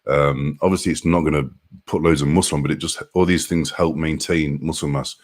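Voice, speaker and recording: A low-voiced man, hosting a relaxed live stream. He greets viewers one by one in an upbeat, friendly chatter. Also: brisk. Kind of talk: casual live-stream chat.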